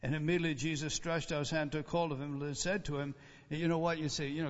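A man preaching a sermon, retelling scripture with dramatic swings from raised emphasis to a hushed, low voice. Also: flat delivery, fast. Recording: dull sound in a large reverberant hall.

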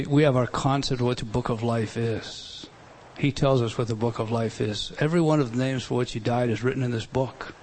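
Guy preaching a sermon, punchy and emphatic, loud then soft, lots of "you know what?". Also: mid-range voice, slight background noise. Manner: emphatic, swings between loud bursts and quiet asides, rhetorical questions.

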